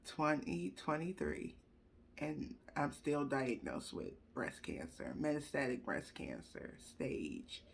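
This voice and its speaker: A woman speaking candidly to her viewers in a casual personal story, animated and swinging between soft and loud. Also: deep voice. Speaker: vlogger sharing her cancer journey.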